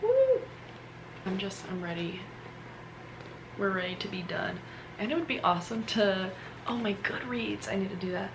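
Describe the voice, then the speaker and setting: A woman's voice: mid-range voice, moderate pace, pauses often. A young woman vlogging casually at home, chatty and self-deprecating, trailing off mid-sentence. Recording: noisy home recording.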